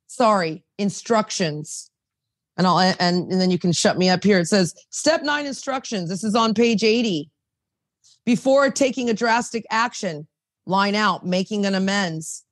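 A woman's voice: mid-range voice, dry recording, clean studio sound. A woman podcast host and recovery sponsor, talking in a fired-up, digressive way, reading passages aloud and preaching. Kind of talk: casual recovery podcast chat.

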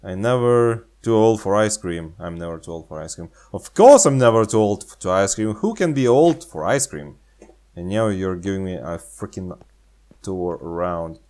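Low-pitched, a little mellow, and animated, this man talks at a moderate pace. He comments casually on a game for his gaming channel, playful and sarcastic, speaking English as his second language with a slight non-native quality.

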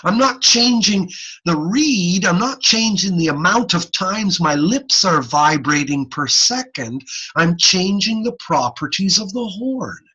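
A man teaching an online class over a video call. He demonstrates speech sounds aloud, with animated changes of voice, and often repeats himself. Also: high voice, a little slow, slightly rough, lo-fi sound. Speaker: instructor. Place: home or office on a video call.

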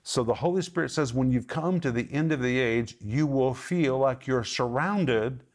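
A man's voice: medium pitch, moderate pace. A middle-aged man hosting a televised Bible teaching program, speaking in an earnest, emphatic way and stressing each word of a list.

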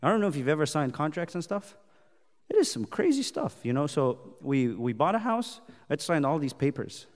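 A man's voice: on the high side, brisk. A man leading a youth Bible study, talking casually and then voicing scripture with force. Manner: conversational, animated, voices God's words emphatically. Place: church hall. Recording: long hall reverb.

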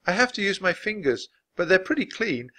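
A man voicing Annie, an eager, cheerful little girl, reading a storybook aloud in a high, bubbly voice. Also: big pitch swings, fairly quick, pushed and bright, heavily acted. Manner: high, bubbly and sing-song.

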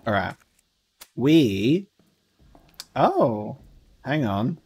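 A man's voice: mid-range voice, sing-song, extremely slow, breathy edge, faint music behind. A man giving casual commentary while playing a horror game, swearing often and reading in-game letters aloud. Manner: swears often, laughs and shouts at scares. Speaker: gaming streamer. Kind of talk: casual let's play commentary.

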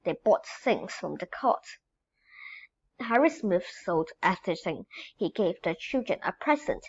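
Woman reading a storybook slowly. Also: mid-range voice, slightly rough, lo-fi sound. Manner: slow, expressive reading for children. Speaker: storybook reader.

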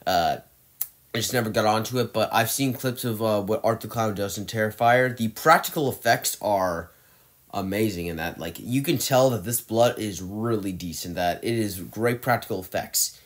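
A man with a somewhat low voice talks through his movie rankings off the cuff. He rants with exasperation, trips over his words and restarts his sentences as he goes. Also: normal speed. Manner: ranting and exasperated, with frequent restarts and fillers. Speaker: movie reviewer. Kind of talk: opinionated movie ranking monologue.

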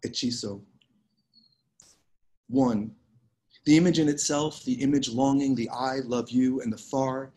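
A man reading his own poems aloud on a video call, measured and unhurried with pauses between lines. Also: mid-range voice, fairly even intonation, dark tone, rough recording. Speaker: poet reading his work. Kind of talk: poetry reading.

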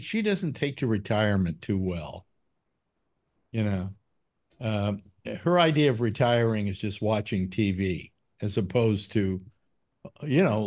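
A man's voice: medium pitch, a little mellow. A man hosting a casual call-in panel chat, rambling with many fillers and restarts. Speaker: call-in show host.

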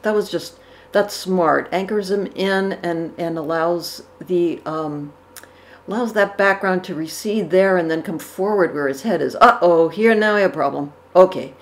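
A woman's voice: on the low side, measured pace. A woman giving casual reaction commentary on portrait paintings, thoughtful, with fillers and self-corrections. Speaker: art commentator. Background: dogs barking.

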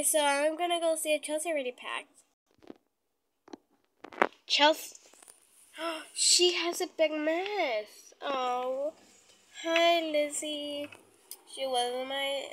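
A woman's voice: high voice, unhurried, slight background noise, rough recording. Woman voicing a bossy big-sister doll. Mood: fussy. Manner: bossy and fussy. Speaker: doll play voice. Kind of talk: doll play role-play.

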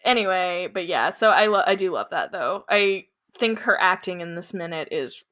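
A woman's voice: fairly low pitch, expressive, normal speed, a bit bright. A young woman co-hosting a casual podcast, chatty and giggly, with lots of "like" fillers. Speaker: podcast co-host. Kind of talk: casual chat.

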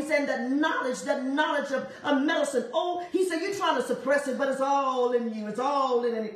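A woman delivering a prophetic word on a prayer broadcast, animated and laughing often, repeating phrases in a rhythmic preaching cadence. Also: sits high, normal speed, very echoey, distant mic. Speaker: prophetic minister.

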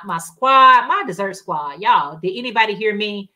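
Bright-voiced chatty woman livestream host. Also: mid-range voice, animated, moderate pace. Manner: chatty storytelling, reads viewer comments aloud, colloquial. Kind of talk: casual livestream chat.

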